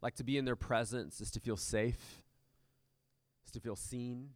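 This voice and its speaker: A man's voice: medium pitch, fairly even intonation, a little slow, no room sound. A man preaching a conversational sermon as pastor of a church, with many fillers and restarts.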